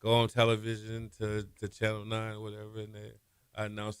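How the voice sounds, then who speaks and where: A man, a former quarterback, telling stories in a radio interview, relaxed and trailing off softly. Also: fairly low pitch, a little fast, clear, resonant tone, dry recording. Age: 50s. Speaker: former college quarterback guest. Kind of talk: interview storytelling. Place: radio studio.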